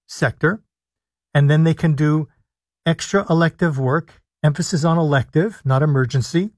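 A man hosts a live talk radio show from a studio, speaking as a doctor who lays out policy point by point. His voice sits a little high for a man, and the close studio mic leaves it dry with no room sound. He slows down to stress key words. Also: dry recording. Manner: measured, explanatory, stresses key words with deliberate pauses. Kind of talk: live call-in radio commentary. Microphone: studio microphone.

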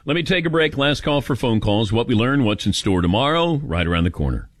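A man in his fifties hosting a call-in radio show, animated and joking at his own expense. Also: medium pitch, brisk, no echo, studio quality. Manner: animated, joking, self-mocking. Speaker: radio host.

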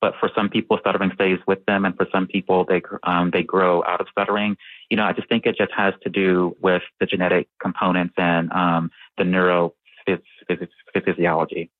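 Interview guest, male, low voice, dry sound, calm and measured, light stutter. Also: no room sound. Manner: measured, with fillers and occasional stutters. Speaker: researcher and guest who stutters. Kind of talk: interview answers. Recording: tinny phone-like line.

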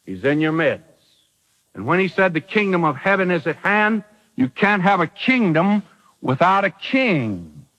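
A man's voice: high voice, sing-song, measured pace, a bit bright, rough recording. A man preaching a dramatic sermon, acting out the quotes in the bible story.

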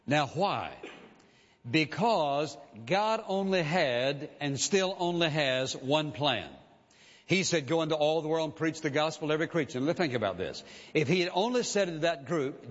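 Male preacher, fairly high voice, insistent and repetitive, dull recording with long hall echo. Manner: emphatic, repeats key phrases, slows for quoted verses. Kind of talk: sermon. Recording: dull lo-fi audio with long reverb.

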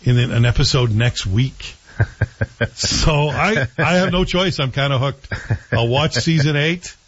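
A man's voice: medium pitch, unhurried, a bit bright, breathy edge, dull audio. A male host chatting casually and with strong opinions, rambling and correcting himself as he goes. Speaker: show host reviewing TV series. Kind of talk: casual chat.

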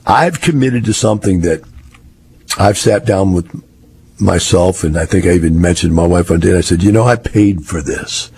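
Older guy rambling on, folksy, deep raspy voice. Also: normal speed, a little mellow, no room sound. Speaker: real estate investor. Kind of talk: casual monologue.

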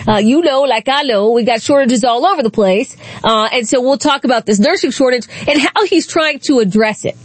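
A woman's voice: sits high, brisk, few pauses, dry recording. A woman with a nasal voice hosting a talk show, giving casual, sarcastic political commentary and laughing often.

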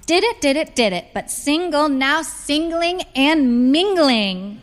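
A woman's voice: sits high, expressive, takes it slowly, voice pushed up. Woman putting on a giddy sing-song mother. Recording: long hall reverb.

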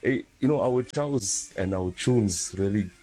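A man calling a radio show, telling a story with animated local slang. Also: fairly low pitch, a little slow, rough recording. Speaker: caller. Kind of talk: casual phone-in chat.

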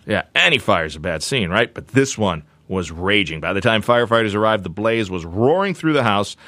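A man hosting a radio talk show, telling a story in a playful, animated way. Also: lowish voice, moderate pace, no room sound. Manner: animated, playful, does silly voices.

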